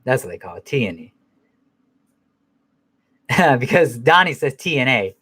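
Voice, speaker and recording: A man's voice: medium pitch, very animated, a little slow, fairly bright tone, breathy edge. A man hosting a casual film review chat, rambling and swearing freely, with many restarts and "man" thrown in. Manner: laughs at his own jokes.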